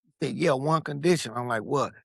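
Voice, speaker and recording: With a breathy edge and vocal fry, this medium-pitched man talks a little fast as a podcast guest from Long Beach, California. He tells his story animatedly and casually, swearing freely and performing the voices of those he quotes. The studio-quality audio has no room sound.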